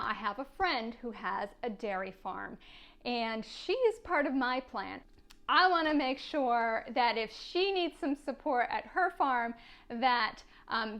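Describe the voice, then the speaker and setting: A woman hosting a gardening vlog, telling a story in a chatty, animated way and laughing often. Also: fairly high pitch. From United States. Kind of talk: casual storytelling to camera.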